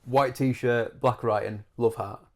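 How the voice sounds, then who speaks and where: A man co-hosting a podcast, teasing with quick questions and dry asides. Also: medium pitch, steady tone. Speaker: podcast co-host. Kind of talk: casual chat.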